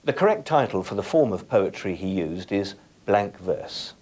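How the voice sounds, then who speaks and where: Husky-voiced man teaching with lively pitch. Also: moderate pace. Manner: instructive, addresses viewers directly with tasks. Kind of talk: scripted educational presentation.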